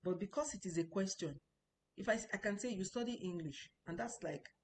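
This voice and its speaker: A woman's voice: medium pitch, animated, fairly quick, slight background noise, low-quality recording. A woman teaching a Chinese language lesson, explaining patiently and repeating key points, and stressing important words.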